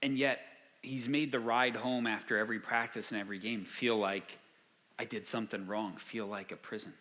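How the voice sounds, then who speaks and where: A man's voice: on the low side, steady tone, normal speed, pushed and bright, in a large hall. A man giving a talk to parents, telling stories from his own family and asking the audience questions. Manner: storytelling, asks the audience. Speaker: speaker.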